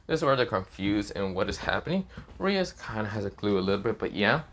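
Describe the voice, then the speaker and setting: A man's voice: lowish voice, sing-song, fairly quick, a bit bright. A man narrates an improvised fan story off the cuff. He rambles, leans on fillers and restarts, and drops casual swears along the way.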